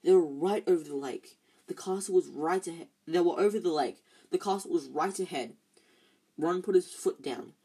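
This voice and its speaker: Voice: medium pitch, normal speed, mellow, breathy edge. An amateur reader, tired, reading a novel aloud with frequent slips and restarts. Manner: stumbles and restarts often, tired.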